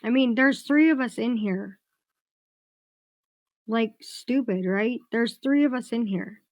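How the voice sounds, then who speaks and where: Chatting casually on her home stream, this woman slips into furious, profanity-packed rants, then breaks off to comfort a person next to her off-mic. She speaks slowly in a higher voice with a darkish tone, and there's no room sound.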